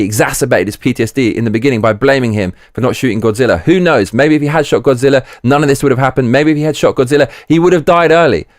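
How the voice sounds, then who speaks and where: A man's voice: mid-range voice, no echo, clean studio sound. A man giving a casual spoken film review, blunt and profane, often repeating himself for emphasis. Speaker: movie reviewer. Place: living in Japan.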